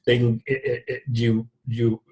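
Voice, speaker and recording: A man's voice: medium pitch, completely flat delivery, measured pace, a little mellow. A middle-aged man talking shop as an interview guest. He keeps it loose and conversational, restarts his sentences often, and laughs at his own jokes. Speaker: guest, lead generation company founder. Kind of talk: casual interview talk.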